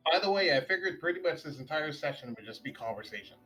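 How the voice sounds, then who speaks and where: A man running a tabletop game over voice chat, chatty and quick to laugh. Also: a little high, lively intonation, fairly bright tone, soft background music, low-quality recording. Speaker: game master.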